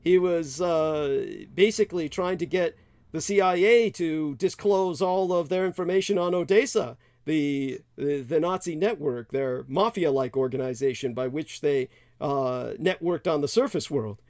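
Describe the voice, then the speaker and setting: A man hosting a call-in talk show, rambling and halting with many restarts. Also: fairly high pitch, darkish tone, no echo, studio quality. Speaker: podcast host. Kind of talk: casual call-in chat.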